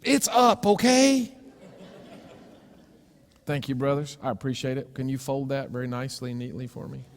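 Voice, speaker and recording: A male preacher giving a sermon, telling a story with lively acted-out voices for its characters. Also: medium pitch, normal speed, long pauses, big-room sound, slight background noise. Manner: animated storytelling, acting out voices for shapes. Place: church sanctuary.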